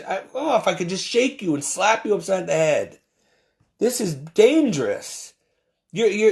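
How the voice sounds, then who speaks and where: Guy with a high gravelly voice ranting about church stuff, super emphatic, keeps tripping over his words. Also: a little mellow. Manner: emphatic, preachy, stumbles and repeats words. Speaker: Catholic commentator. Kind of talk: impassioned religious monologue.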